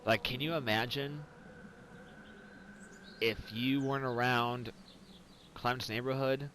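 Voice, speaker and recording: A man's voice: mid-range voice, steady tone, slow, a bit bright, a little hiss or hum, poor audio. A tipsy man, rambling and swearing through casual game commentary after some whiskey. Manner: rambling and profane. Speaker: gaming commentator.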